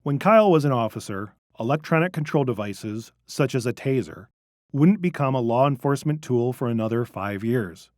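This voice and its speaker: A man narrating a scripted training video in a measured, instructive way. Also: medium pitch, expressive, darkish tone, dry recording, studio quality.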